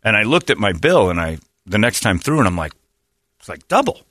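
A low-pitched man hosts a casual talk show with lots of animated swings in his voice. He tells long stories and slips into impressions of customer service reps. The sound is close and dry, like a studio mic. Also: a little fast, no room sound. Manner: animated storytelling, mimics phone reps in a low flat voice.

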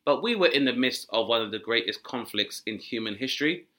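A man ranting comically, jumping into mock voices and shouted punchlines. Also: mid-range voice, lively intonation, brisk. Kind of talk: comic rant with acted-out voices.

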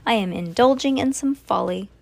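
A woman reading aloud, voicing a meek, gentle sister who speaks softly and mildly. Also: on the high side, normal speed, creaky.

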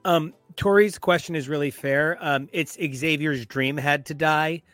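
A man's voice: on the high side, fairly even intonation, a little slow, a bit bright, no room sound, faint music behind. A man co-hosting a comics podcast, casual and jokey, full of puns and playful asides. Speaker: podcast co-host. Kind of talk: casual chat about comics.

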